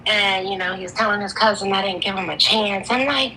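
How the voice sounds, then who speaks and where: A woman's voice: mid-range voice, fairly quick, a little hiss or hum, poor audio. A woman of forty with a Philadelphia accent, telling her story to a live show and acting out the others in it. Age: 40s. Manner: animated, acts out voices of others in her story. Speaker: caller. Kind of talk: casual storytelling on a live call.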